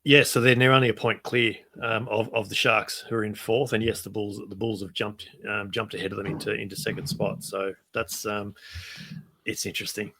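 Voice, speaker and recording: A man with a bright, sharp voice co-hosts a rugby podcast. He talks casually and runs through league results, often restarting his phrases as he thinks aloud. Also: on the low side, flat delivery, fairly quick. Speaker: podcast co-host.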